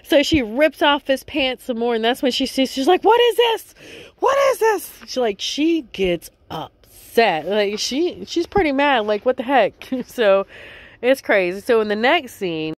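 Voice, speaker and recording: A woman's voice: on the high side, expressive, unhurried, dry recording. A woman casually recapping a reality show episode, rambling and chatty, with lots of filler words.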